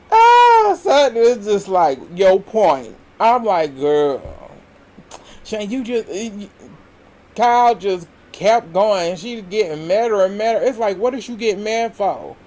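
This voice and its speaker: A man with a fairly high voice recaps a reality TV episode in a slow, unhurried drawl. He acts out what the cast said and breaks into laughter often. Faint noise hums under the recording. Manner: animated retelling, voicing the cast's lines, laughing often.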